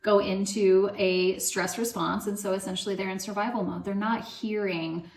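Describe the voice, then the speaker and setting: A woman with a mid-range voice and vocal fry speaks at a moderate, steady pace in an echoey room. She is a parenting coach giving casual advice to the camera, loose and chatty and full of fillers.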